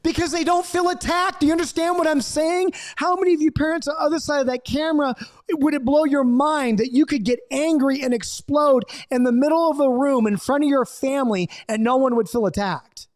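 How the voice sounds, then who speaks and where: A man with a fairly high voice gives an impassioned Bible study to camera. He swings from loud acted-out outbursts down to quiet, earnest asides. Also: fairly quick. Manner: acts out quoted outbursts, swings between loud and hushed. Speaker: Bible teacher.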